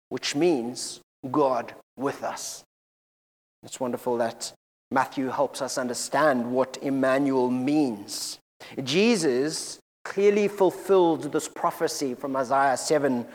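In a church room, a man with a slightly high voice preaches earnestly to the congregation, often repeating words and slowing down to read scripture. A long reverb tail trails his speech.

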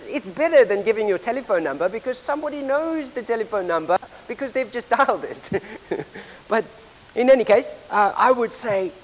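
A man from Africa, giving a sermon as a preacher in a measured, deliberate way with a storytelling touch. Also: sits high. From South Africa. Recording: reverberant hall with faint hiss.

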